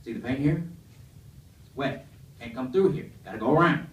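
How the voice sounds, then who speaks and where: A male comedian voicing a loud, bossy redneck who yells orders about wet paint. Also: mid-range voice, normal speed, natural voice. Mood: shouting bossy. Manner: yelling, curt and bossy. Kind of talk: stand-up comedy bit. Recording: echoey club, distant mic.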